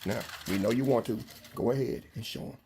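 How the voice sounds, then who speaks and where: A man's voice: medium pitch, brisk, crowd noise. Male home cook, casual and chatty, showing his food on camera. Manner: easygoing, chatty, proud showing off dishes. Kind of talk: casual filmed chat.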